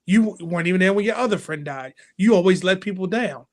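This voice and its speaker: A man co-hosting a wrestling talk show, talking in an animated way and acting out fan reactions. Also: high-pitched, fast. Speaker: podcast co-host. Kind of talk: casual chat.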